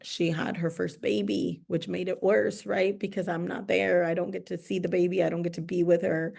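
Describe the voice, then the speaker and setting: A woman's voice: lowish voice, level tone, normal speed, creaky, darkish tone. A young adult woman hosting a podcast, speaking earnestly in casual conversation and repeating herself for emphasis. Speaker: podcast host.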